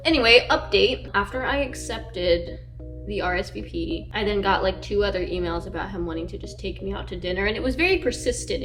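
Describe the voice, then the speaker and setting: Young woman, vlogger, wry chatty storytelling, mid pitch, frequent fillers. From Nashville. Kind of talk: casual vlog storytelling.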